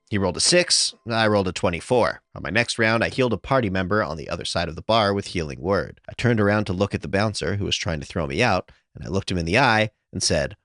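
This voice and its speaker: Deep-voiced man narrating game stories. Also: lively intonation, brisk, few pauses, a bit bright. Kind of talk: scripted narration of tabletop game anecdotes. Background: faint music.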